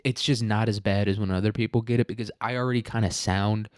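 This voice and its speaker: A man's voice: fairly low pitch, steady tone, quick pace, no room sound, clean studio sound. A young man with a nasal voice, rambling and swearing through a casual solo podcast rant, dropping "dude" and "like" and laughing often. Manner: says "dude" and "like" a lot. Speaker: podcast host.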